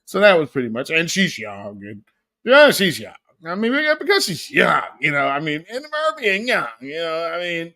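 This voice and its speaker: A man hosting a casual livestream, reacting to clips with animated commentary, laughing often and greeting viewers by name. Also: fairly high pitch, normal speed.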